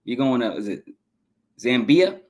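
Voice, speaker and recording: A man's voice: medium pitch, expressive, a little slow, a little mellow. A man hosting a podcast, casually ranking albums in a rambling, enthusiastic way, repeating himself and tripping over names. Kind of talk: casual album review monologue.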